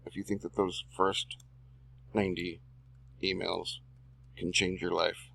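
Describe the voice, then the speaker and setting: An online marketer and video host with a low, gravelly, fairly bright voice reads copy aloud while editing a screen-recorded tutorial. He speaks unhurriedly in a level tone, muttering to himself and drawling slangy asides.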